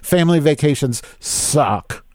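A man's voice: a little high, lively intonation, measured pace, a little mellow, no echo, studio quality. A man in his fifties hosting a podcast, ranting casually with lots of profanity and exasperation. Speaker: podcast host. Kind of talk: casual live-stream rant.

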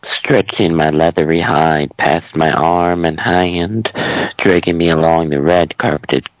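Man, deep low voice, slow deadpan narration, dry close sound. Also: no echo, lo-fi sound. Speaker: storyteller. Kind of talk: deadpan comedic story narration.

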